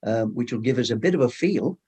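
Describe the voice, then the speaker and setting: A man's voice: mid-range voice, lively intonation, a little fast, a little mellow, slightly rough. A man hosting an online group evening, encouraging his guest with brief affirmations. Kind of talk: casual chat.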